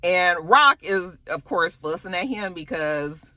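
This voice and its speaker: Woman doing a chatty recap vlog, voice jumps all over, bright and dry close sound. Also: fairly low pitch, measured pace, few pauses, dry recording. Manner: animated, slangy storytelling with asides. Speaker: TV episode reviewer.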